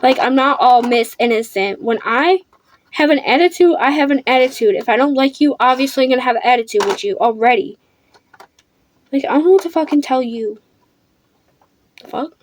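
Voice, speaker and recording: A woman's voice: high-pitched, moderate pace, slight background noise. A teenage girl telling a storytime vlog while doing her makeup, blunt, defiant and full of swearing. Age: teens. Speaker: vlogger. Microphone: camera under a ring light.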